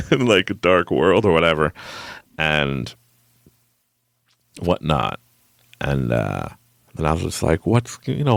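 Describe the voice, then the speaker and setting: A young adult man hosting a podcast, telling a personal story in casual chat, animated and laughing often as he acts out what people said. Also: low-pitched, vocal fry, dry recording, clean studio sound. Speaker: podcast host.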